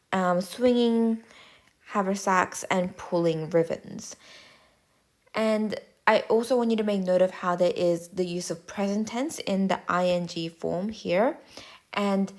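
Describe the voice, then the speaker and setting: A woman tutor giving a measured, clear, step-by-step explanatory voice-over lesson. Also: medium pitch.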